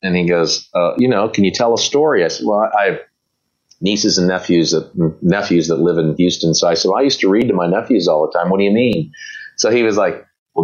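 A low-pitched man recounts stories in a loose, rambling way, with plenty of "you know" and false starts. He slips into quoted voices of the people in his stories. The sound is dull and muffled. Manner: rambling anecdotes with quoted voices, many fillers and restarts. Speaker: guest. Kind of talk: casual storytelling interview.

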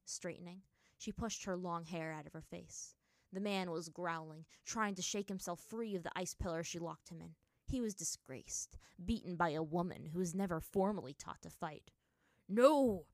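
A woman narrating a fantasy story aloud in a steady storytelling manner. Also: low voice, no echo, studio quality. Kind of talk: reading fan fiction aloud.

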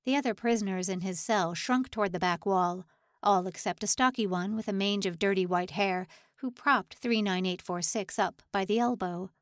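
A woman narrating a tense audiobook in a steady, dramatic storytelling voice at a middle pitch. The recording is dry and close, with no room echo. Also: moderate pace. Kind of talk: scripted narration.

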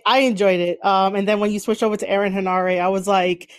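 A woman's voice: mid-range voice, steady tone, fast, hardly any pauses. A woman hosting a casual interview, rambling with many fillers and easy laughs. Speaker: interviewer, podcast host.

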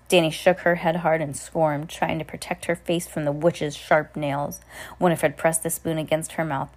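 A woman's voice: deep voice, a little mellow. A woman reading a storybook aloud to a child at home, casual, stumbling and correcting herself.

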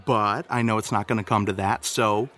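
A man leaving a rambling, comedic voice message for a podcast, flustered and jumping into a higher voice when he gets worked up. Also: fairly even intonation, moderate pace, a bit bright.

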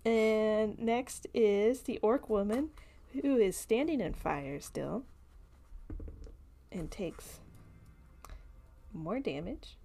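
Woman, game master, slow pace, mid pitch, rambling narration. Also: expressive, creaky, warm tone, slight background noise. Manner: rambling with many fillers, laughing often.

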